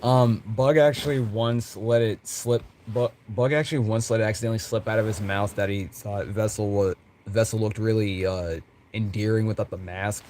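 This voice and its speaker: Giggly, rambling man with a low voice. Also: steady tone, moderate pace, a little mellow, a little hiss or hum. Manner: giggly, rambling, lots of restarts. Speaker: content creator. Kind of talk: rambling fan talk about characters.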